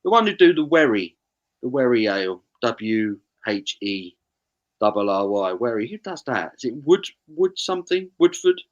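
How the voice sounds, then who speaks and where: A man's voice: medium pitch, very animated, normal speed, highs cut off. A man co-hosting a casual live-stream chat, rambling in friendly banter.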